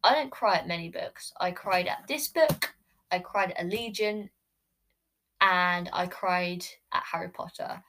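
A woman's voice: on the low side, a little slow, pushed and bright, slight background noise, rough recording. A woman vlogging from her bed, ranking books in a rambling, gushing way with many fillers. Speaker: book vlogger. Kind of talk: casual book ranking vlog. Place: bedroom, sitting on her bed. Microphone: camera recording.

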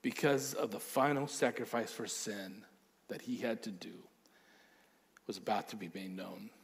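A man's voice: lowish voice, unhurried, creaky. A male pastor preaching a sermon, emphatic, with repeated phrases and acted-out quotes.

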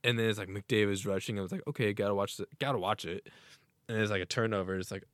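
A man chatting casually on a podcast, his voice sitting a little low. He rambles excitedly and often breaks into laughter. The recording is dry and close, with no room sound. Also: fast, no room sound. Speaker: podcast co-host. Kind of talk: casual sports chat.

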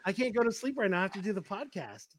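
A man's voice: sits high, big pitch swings, rapid-fire, fairly bright tone. A man hosting a podcast over a video call, talking easily with apologetic asides. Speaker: podcast host and father. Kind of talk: casual podcast chat.

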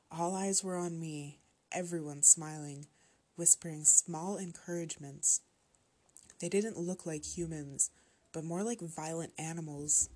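A woman reads a horror story aloud in a steady, measured way. Her voice sits low and carries a husky grain. She keeps the telling calm and even. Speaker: story narrator.

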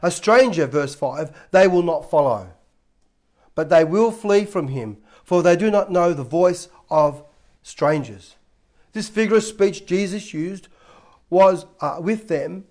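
A man's voice: fairly high pitch, animated, normal speed, darkish tone. A man, a pastor preaching a sermon in a conversational way with frequent restarts.

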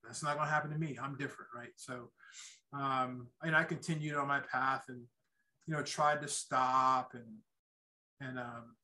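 A middle-aged man with a bright, forward tone recounts his own past in a loose, conversational testimony. He stops and restarts often, leaning on "um" and a questioning "right?" as he goes. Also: mid-range voice, fairly even intonation, poor audio. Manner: halting, many restarts, keeps asking "right?". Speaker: guest telling his life story. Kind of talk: casual spoken testimony.

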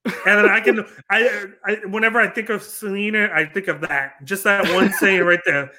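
A man's voice: sits high, steady tone, normal speed, sharp tone. A young man co-hosting a podcast in casual chat, often stammering and repeating words as he starts a thought. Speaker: podcast co-host.

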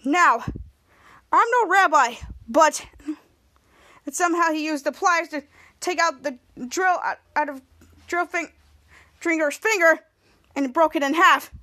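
A woman's voice: high voice, fairly even intonation, moderate pace, pushed and bright. A woman podcast host casually recapping a TV episode, rambling with frequent restarts.

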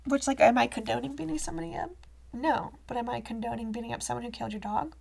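Gravelly-voiced woman reading old news. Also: a little high, fairly even intonation, fast talker, a little mellow. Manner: chatty, laughs and jokes while reading. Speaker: podcast co-host. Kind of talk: casual chat reading old news reports.

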